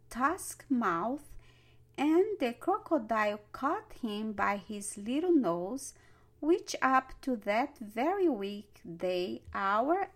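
Woman storyteller, very slow, lively melody, classic children's tale. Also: a little high. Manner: slow, expressive read-aloud. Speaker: narrator. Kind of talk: storybook reading.

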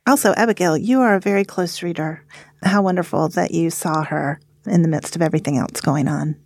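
A woman professor talking as a podcast guest, speaking in a calm, measured, thoughtful way. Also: lowish voice, no echo. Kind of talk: casual reflective discussion.

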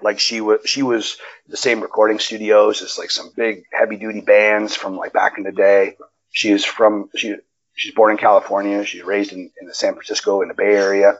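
A man guest on a wrestling interview, telling stories in a casual, profane and animated way, his pitch jumping up when he gets excited. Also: normal speed, dull audio. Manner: animated, profane storytelling with sudden jumps in pitch. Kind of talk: casual storytelling chat. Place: Nevada.

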